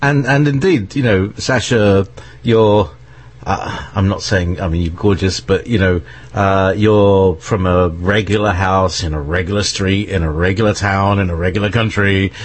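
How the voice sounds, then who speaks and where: Husky low-voiced male interviewer. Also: fairly even intonation, normal speed. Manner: hesitant, many fillers and repeats. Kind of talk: casual interview talk.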